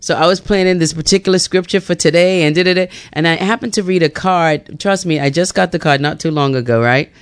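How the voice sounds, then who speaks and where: Female radio gospel host, young adult, animated and chatty, smooth clear voice, dry studio mic. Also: lowish voice, brisk, few pauses, dry recording. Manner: lively, laughs often, acts out talks with God. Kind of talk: casual on-air chat with scripture reading. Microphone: studio microphone.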